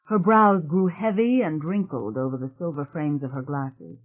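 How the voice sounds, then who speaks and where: An audiobook narrator reading a thriller novel in a measured, even storytelling manner. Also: mid-range voice. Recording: tinny phone-like sound.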